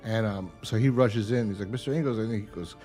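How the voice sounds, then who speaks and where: A man's voice: fairly low pitch, fairly even intonation, fairly quick, dark tone, faint music behind. Rambling, profane male podcast host. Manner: rambling, profane, quotes characters in raised voices. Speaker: podcast co-host recapping an episode. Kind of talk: casual chat.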